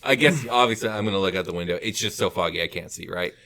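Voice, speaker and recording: Male co-host, lowish tense voice, dry humor, casual swearing. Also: fast, pushed and bright. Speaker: podcast co-host. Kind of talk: casual chat.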